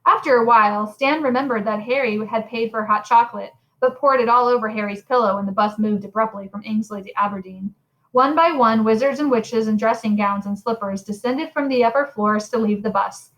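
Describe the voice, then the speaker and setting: Expressive woman reading a storybook aloud. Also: on the high side, brisk, rough recording. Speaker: reader. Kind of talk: audiobook reading of a novel.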